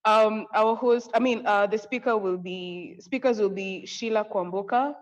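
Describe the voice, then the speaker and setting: A young woman with a Kenyan accent co-hosting a live online conference, effusive and excitable, often breaking into laughter. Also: mid-range voice, moderate pace. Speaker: conference co-host. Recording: echoey, dull lo-fi audio.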